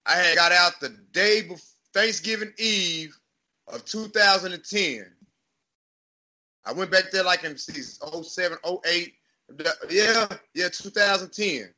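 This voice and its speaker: Bright, high-voiced Texas man telling stories. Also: a little slow. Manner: profane, animated storytelling, acts out voices. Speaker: podcast host. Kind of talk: casual storytelling chat.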